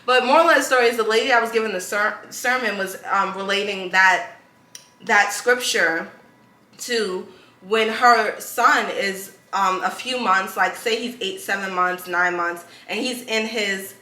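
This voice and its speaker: Bright-voiced New woman podcast host. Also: mid-range voice, measured pace, reverberant. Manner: loose storytelling with slang and laughs. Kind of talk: casual chat.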